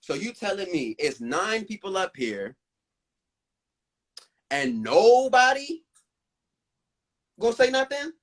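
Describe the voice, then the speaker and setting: In a casual live-stream chat, a male host dramatically retells a story, lively and full of swearing. His voice is high-pitched and slow, and he pauses often.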